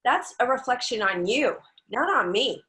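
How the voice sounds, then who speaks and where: A woman hosting an interview, speaking earnestly and deliberately. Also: fairly high pitch, very animated, sharp tone, low-quality recording. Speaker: host. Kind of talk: conversational interview.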